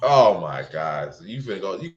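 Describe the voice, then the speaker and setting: A man co-hosting a casual podcast, talking in an excitable way and laughing often. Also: low-pitched, normal speed, highs cut off. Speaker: podcast co-host.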